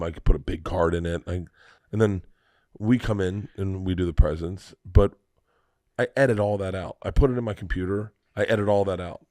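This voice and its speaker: A man in his forties telling a long story on a podcast, animated and profane, laughing through it. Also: sits low, no room sound, clean studio sound. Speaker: podcast host. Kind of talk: casual storytelling chat.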